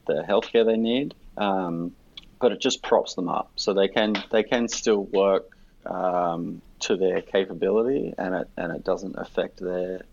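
A man's voice: deep voice, steady tone, measured pace, vocal fry, a little mellow, lo-fi sound, a little hiss or hum. An Australian man, a podcast guest, telling a story in blunt, profane casual chat.

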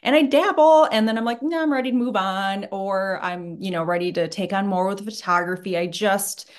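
Female podcast guest, modest and chatty, mid pitch, fills her pauses with "you know.". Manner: modest, chatty, many fillers. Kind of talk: casual interview chat.

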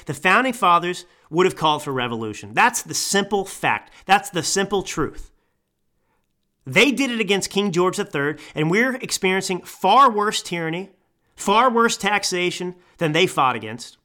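A man in his thirties, a podcast host, delivering an angry political commentary rant into a microphone. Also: high-pitched. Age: 30s. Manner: angry, ranting, yelling. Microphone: studio microphone.

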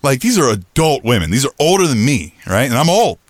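A middle-aged man with a booming voice tells a story on a podcast, his pitch swinging widely as he acts out what each person said. The recording is dry and close, with no room sound behind him. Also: brisk, dry recording. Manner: animated, acts out quoted lines in a raised pitch. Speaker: podcast co-host. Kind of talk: casual storytelling chat.

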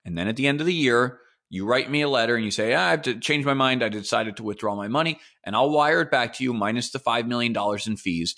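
A man doing a smooth scheming financier. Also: medium pitch, quick pace, few pauses. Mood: reassuring. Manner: calm, confiding. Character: smooth scheming male financier, calm and reassuring.

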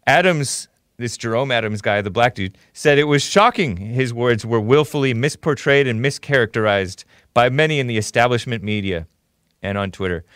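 A man's voice: medium pitch, normal speed, a bit bright, smooth, no echo, studio quality. A man hosting a live call-in commentary show, talking casually and sarcastically as he thanks viewers. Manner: thanks viewers and reads donations aloud.

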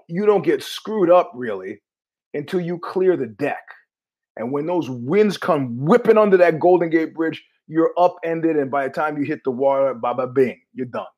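A man's voice: a little high, darkish tone, husky. A man hosting his own show, telling rambling stories in a wry, profane monologue full of restarts. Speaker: podcast host.

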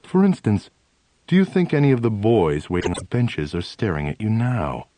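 A man reading the lines of a smiling male army psychiatrist who asks questions in a cheerful, then low and serious tone. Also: sing-song, normal speed, mellow, a little hiss or hum. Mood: probing.

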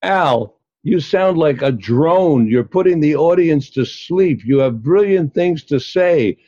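A man voicing a blunt, scolding old man with a thick European accent, raised and loud. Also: a little high, animated, takes it slowly, no room sound, muffled recording, voice pushed up.

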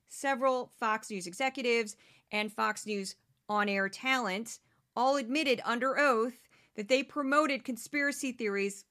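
A woman hosting a political commentary podcast, talking in a sarcastic, animated way and mocking the people she quotes. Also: a little high. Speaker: podcast host. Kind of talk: opinionated commentary.

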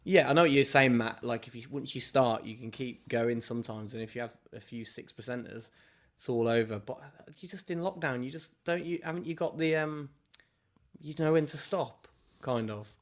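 A man co-hosting a podcast, chatting casually and telling stories in an animated, laughing way. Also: mid-range voice, normal speed. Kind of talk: casual chat, storytelling.

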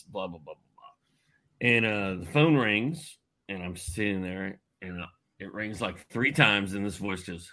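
A man in his fifties from Indianapolis, telling a long story as a podcast guest in a lively, filler-heavy way. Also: on the low side, unhurried. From Indianapolis, United States. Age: 50s. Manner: animated, with many fillers and asides. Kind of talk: casual storytelling.

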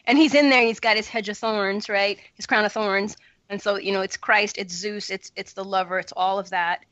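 A woman co-host talks eagerly about a story, joking lightly and digging into its imagery. Her voice is mid-pitched and recorded dry, with a slightly dull, muffled tone. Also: steady tone, a bit bright, no echo. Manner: enthusiastic, analytical, quick to joke. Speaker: podcast co-host. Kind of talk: casual podcast chat and reading aloud.

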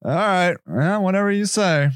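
A man's voice: high-pitched, expressive, normal speed, clear, resonant tone, no echo. Sarcastic, profane man hosting a podcast. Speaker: podcast host. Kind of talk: solo podcast monologue, reading and ranting.

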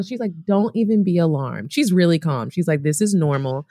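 A woman guest on a podcast, telling a story in casual chat, animated and profane, acting out the people she quotes. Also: on the low side, fairly quick, dry recording, studio quality.

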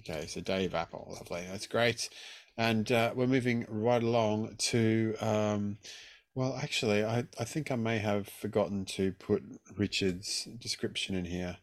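Man, podcast host, chatty, jokey, lowish voice. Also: steady tone, a little slow. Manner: chatty, jokey, reads entries aloud. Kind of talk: casual chat judging photos.

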